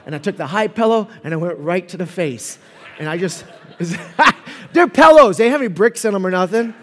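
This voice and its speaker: A man with a high voice delivers a sermon in a church hall with long reverb trailing each line. He tells stories animatedly and then drops into quiet, earnest passages. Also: normal speed. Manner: animated storytelling, swinging from loud to hushed. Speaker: preacher.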